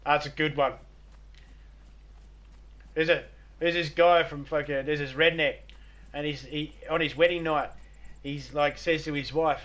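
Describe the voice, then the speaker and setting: A man's voice: fairly high pitch, steady tone, a little slow, pauses often, fairly bright tone. A middle-aged Australian man chatting casually on a live stream, joking, swearing and laughing often.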